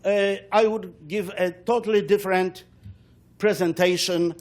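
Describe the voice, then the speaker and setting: A man, a law professor on a panel, giving an academic talk in a measured way, often repeating words as he searches for phrasing. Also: high-pitched, steady tone.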